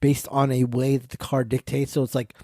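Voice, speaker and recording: A man co-hosting a podcast, chatting casually, quick to laugh and agree. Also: mid-range voice, flat delivery, mellow, no echo, clean studio sound. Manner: laughs often, short agreeable replies. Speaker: podcast co-host. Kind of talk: casual chat.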